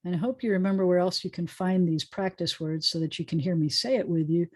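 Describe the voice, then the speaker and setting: A woman's voice: fairly low pitch, fairly even intonation, quick pace, a little mellow. A woman rabbi teaching a Hebrew class over a video call, patiently explaining and sounding out syllables. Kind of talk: online class lesson.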